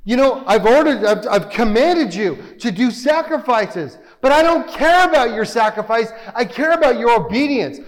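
High-voiced preacher in an echoing hall. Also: male voice, expressive, moderate pace, hardly any pauses. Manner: emphatic, rhetorical questions, reads scripture aloud. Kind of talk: sermon.

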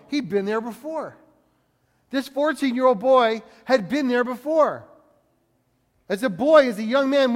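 A man in his forties preaching a sermon, telling stories and acting out the voices of the people in them. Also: very high-pitched. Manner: animated storyteller acting out voices. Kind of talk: sermon with storytelling. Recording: long reverb of a hall.

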